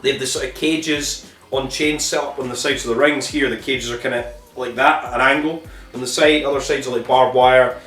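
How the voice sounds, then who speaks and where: A man hosting a wrestling review podcast, recapping matches in a casual, rambling way and swearing constantly, often pausing on ums and correcting himself. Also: mid-range voice, fairly even intonation, fairly bright tone. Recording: echoey room, distant mic, faint music.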